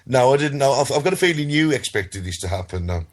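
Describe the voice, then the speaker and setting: A man's voice: mid-range voice, very animated, quick pace. Dry-witted man on a call. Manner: dry, self-mocking banter. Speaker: podcast guest. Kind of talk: casual podcast chat. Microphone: voice call over the internet.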